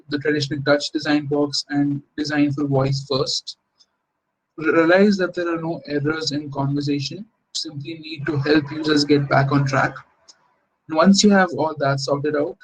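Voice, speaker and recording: Young man, conference tech talk, informal explanations, fairly high voice, flat delivery. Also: rough recording. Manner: informal, explanatory, frequent fillers and restarts. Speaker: conference speaker. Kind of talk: recorded tech talk presentation.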